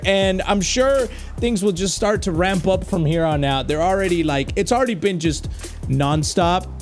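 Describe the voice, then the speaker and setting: A man doing let's play commentary as a gaming YouTuber, excitable, yelling and repeating words, with a strained voice. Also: sits high. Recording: loud game music underneath.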